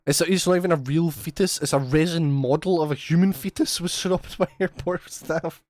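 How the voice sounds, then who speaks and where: A man's voice: on the high side, moderate pace, few pauses, a little mellow, dry recording, studio quality. Sweary Scottish man, casual podcast chat. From Scotland. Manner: sweary, jokey, reads news stories aloud. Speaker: podcast co-host.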